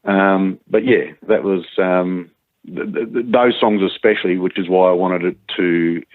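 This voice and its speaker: A male guitarist chatting in an interview, halting, with many restarts and fillers. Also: low-pitched, no echo. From Australia. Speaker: guitarist guest. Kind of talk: casual interview chat. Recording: tinny phone-like line.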